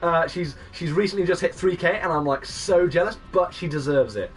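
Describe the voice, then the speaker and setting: A young man in his twenties live-streaming a game, greeting and thanking viewers and breaking into excited shouts. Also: fairly high pitch, brisk, recorded from a distance. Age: 20s. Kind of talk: live-stream chat reading out viewers' messages.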